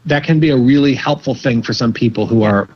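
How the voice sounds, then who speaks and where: A man speaking as a psychologist guest in an interview, giving measured advice and often repeating words as he thinks. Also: medium pitch, dull audio. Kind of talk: interview answers.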